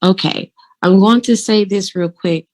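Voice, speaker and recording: A woman vlogging casually, giving motivational law of attraction tips and telling her own story in an animated, informal, direct way. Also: medium pitch, measured pace. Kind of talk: casual motivational vlog talk.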